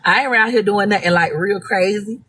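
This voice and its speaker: A woman's voice: mid-range voice, a little fast, pushed and bright, slight background noise. Blunt, profane woman. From Florida. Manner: blunt, profane, emphatic storytelling. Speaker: social media personality. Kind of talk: casual live-stream monologue.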